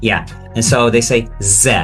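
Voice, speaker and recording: A man hosting a casual interview and tutoring pronunciation, talking with many restarts and animated questions. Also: mid-range voice, normal speed, faint music behind. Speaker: podcast host and pronunciation tutor.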